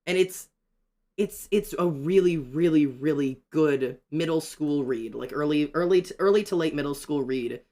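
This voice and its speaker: A young man chatting excitedly on a livestream while drawing, ranting and greeting his chat. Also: fairly high pitch, normal speed.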